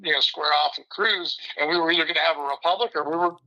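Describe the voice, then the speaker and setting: An older man telling stories as a podcast guest in a brash, animated way, often mimicking other people. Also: a little high, fast, muffled recording. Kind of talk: casual storytelling interview.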